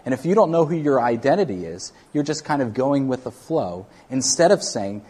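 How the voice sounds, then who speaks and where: A man delivering a sermon in a relaxed, conversational way, as if talking with the congregation. His voice sits at an ordinary middle pitch. He often circles back and restarts his sentences. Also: normal speed, breathy edge. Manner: conversational preaching with frequent restarts. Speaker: pastor.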